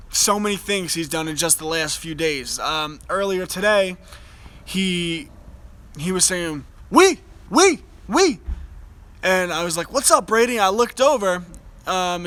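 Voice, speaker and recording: Bright-voiced, earnest young man. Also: high voice, rough recording. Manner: earnest and enthusiastic, with many restarts. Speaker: host. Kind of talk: casual live chat. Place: outdoors by a fire.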